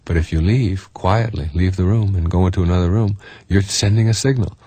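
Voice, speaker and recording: A man with a very low, husky voice delivers a self-help lecture. He talks earnestly and with emphasis, stacking up repeated phrases to drive his points home. The recording is dry and close, with no room sound. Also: a little fast, mellow, dry recording. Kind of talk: recorded motivational talk.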